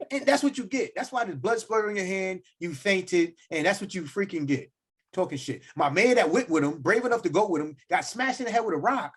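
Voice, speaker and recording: A man's voice: high-pitched, animated, fairly quick, husky. A man co-hosting a podcast, ranting in casual slang and acting out quoted lines. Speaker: podcast co-host. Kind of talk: casual chat.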